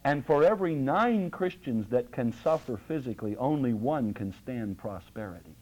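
A man preaching a sermon as pastor, impassioned, swinging from loud exhortation to hushed, low tones. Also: lively intonation, normal speed, rough recording.

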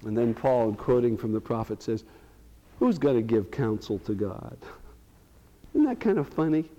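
A middle-aged man preaching a sermon in a church sanctuary. He drops to a hushed, slow delivery, then rises to loud, emphatic lines, with a voice of middling pitch. A long reverb from the hall trails each phrase. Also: highs cut off. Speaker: pastor.

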